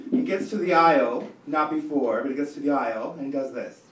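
This thirties-aged comic's voice sits at medium pitch and moves briskly as he rants, fed up and swearing, through his stand-up set. The live comedy club recording is echoey, with a distant mic, slight background noise and loud audience laughter.

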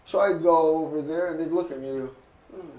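A man in his sixties telling stories in an oral history interview, lively and anecdotal, often chuckling. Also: a little high, quick pace, roomy sound, low-quality recording. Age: 60s. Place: interview booth.

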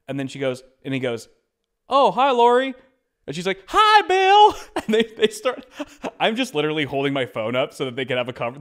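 A young man on a podcast telling a story in a casual, animated way, switching into quoted voices as he goes. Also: mid-range voice. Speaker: podcast co-host.

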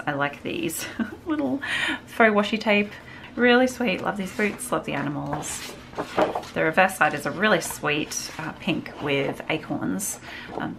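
A woman's voice: medium pitch, creaky, fairly bright tone, a little hiss or hum. A woman craft vlogger chatting casually through a haul, gushing over each item with little exclamations. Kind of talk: casual show-and-tell haul.

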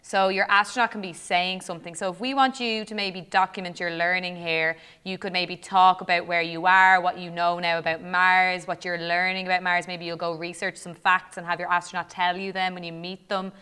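A woman's voice: on the low side, little pitch movement, brisk, hardly any pauses, sharp tone, clean tone. A young Irish woman co-hosting a lesson, chatting and thinking aloud as she demonstrates a build. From Ireland. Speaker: co-host teacher. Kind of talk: casual classroom demo while playing.

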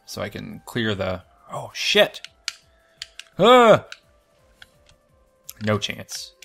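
A lower-pitched man talks through a shooter game as he plays it, thinking out loud in a loose, excitable way. He laughs off his own mistakes, with faint music underneath. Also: gravelly. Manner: excitable, self-deprecating, thinks aloud. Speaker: game commentator. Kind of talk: let's-play commentary.

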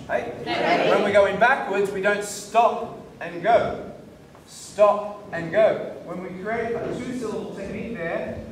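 An Australian man teaches a karate class, his voice a little high and caught from across a big echoey hall with room noise behind. He explains step by step and keeps asking whether the class is with him. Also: distant mic. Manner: explains step by step, asks "hey?" for agreement, shouts counts. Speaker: karate instructor. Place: large echoey training hall. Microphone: camera mic from a distance.

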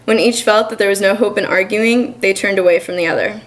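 Young woman reading her story, even and measured. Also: medium pitch, low-quality recording. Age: young adult. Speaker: student reading her fiction. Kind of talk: literary reading. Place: college reading event.

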